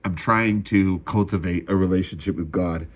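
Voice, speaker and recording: A man's voice: deep voice, fairly even intonation, normal speed. A young man in a raw confessional monologue, swearing and sighing as his voice rises and falls with distress. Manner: raw, swearing, sighing often, voice rising when upset. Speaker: vlogger.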